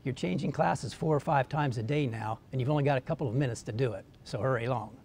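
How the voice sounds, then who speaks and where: Man, newspaper columnist, deadpan, wry, scripted commentary, faint rumble behind. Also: fast talker, vocal fry. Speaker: columnist giving weekly commentary. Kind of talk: scripted dry-humored commentary.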